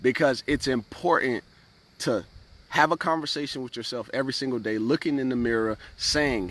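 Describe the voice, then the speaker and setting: A man's voice: mid-range voice, moderate pace, fairly bright tone. Earnest man hosting a motivational livestream. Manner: earnest, repeats words, keeps asking "right?"; greets viewers by name from the comments. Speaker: live-stream host and motivational speaker. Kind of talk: casual live-stream motivational talk.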